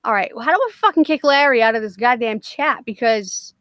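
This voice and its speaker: A woman's voice: on the high side, expressive, fairly quick, fairly bright tone, no echo. Blunt, swearing woman streamer. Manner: blunt, profane, laughs often. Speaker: livestream host. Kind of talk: casual livestream chat.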